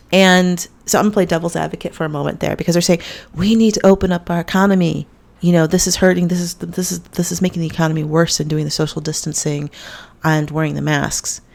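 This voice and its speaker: A woman's voice: low voice, vocal fry. A woman hosting a podcast, telling a story in a blunt, profane, conversational way. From United States. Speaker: podcast host. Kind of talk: casual monologue.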